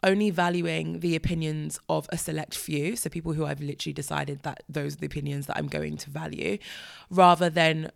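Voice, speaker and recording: A woman's voice: low voice, steady tone, brisk, creaky. A British woman hosting a podcast, talking frankly and chattily with self-deprecating asides. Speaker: podcast host. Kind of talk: solo podcast advice talk.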